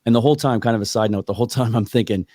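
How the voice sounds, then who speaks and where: A man hosting an interview podcast, telling a story in a quick, friendly manner. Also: medium pitch, dark tone, no room sound, clean studio sound. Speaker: podcast host. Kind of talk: casual interview chat.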